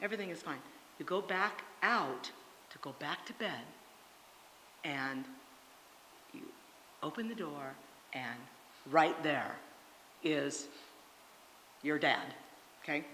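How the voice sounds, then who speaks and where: A woman leading a choir workshop, coaching breathing and singing warm-ups with lively encouragement. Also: sits low, slow, pauses often, a little hiss or hum. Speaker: choir director. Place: church hall. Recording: echoey church room, long reverb, loud instruments.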